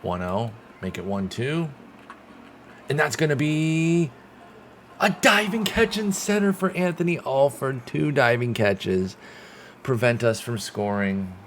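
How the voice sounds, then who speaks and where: A man giving casual play-by-play commentary while playing a baseball game, excitable and swearing when things go wrong. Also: medium pitch, slow pace, a little hiss or hum. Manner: excitable, swears when frustrated, talks to himself. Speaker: gaming channel host.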